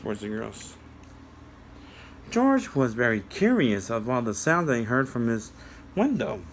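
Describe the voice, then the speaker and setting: Slow, very animated man telling kids a story. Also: mid-range voice, a little hiss or hum. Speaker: children's story reader. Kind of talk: storytelling for children.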